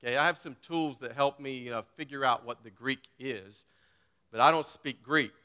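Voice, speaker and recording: A man preaching a sermon as pastor, first reading scripture, then talking casually with filler words and building to emphatic, forceful points. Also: medium pitch, moderate pace, clean tone, long reverb tail. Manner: reads scripture, then talks informally and grows emphatic.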